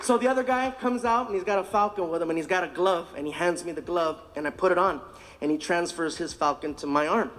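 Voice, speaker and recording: A male stand-up comedian telling an animated story, laughing often and acting out the voices in his anecdote. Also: high voice, quick pace, long reverb tail, a little hiss or hum.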